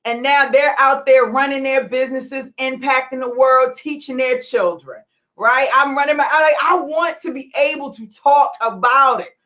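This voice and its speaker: In this replay of an emotional motivational call, a woman coaches recruitment business owners at a normal speed. Her voice sits high and a bit bright, though the audio is dull, and she grows passionate and preachy, laughing and tearing up along the way.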